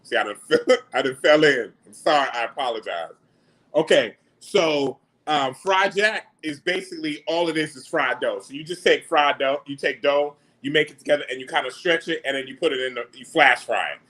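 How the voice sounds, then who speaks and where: A man hosts a casual livestream and talks straight to his viewers. His talk is animated and slangy, full of quick laughs, and his voice sits a touch higher than most men's. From New York. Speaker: livestream host. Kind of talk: casual livestream chat answering viewer comments.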